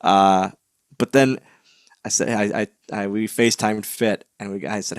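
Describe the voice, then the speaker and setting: A man's voice: fairly low pitch, measured pace, smooth, no room sound, studio quality. A man in his late thirties, an interview guest, telling a candid, heartfelt story and acting out what others said. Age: 30s. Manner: heartfelt, animated retelling with laughs and acted-out quotes. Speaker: interview guest, wrestler and author.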